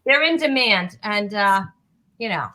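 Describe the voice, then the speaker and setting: A woman hosting a comedy talk show, speaking in a halting, playful way with lots of "uh" and restarts. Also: medium pitch, animated, bright, forceful tone, poor audio.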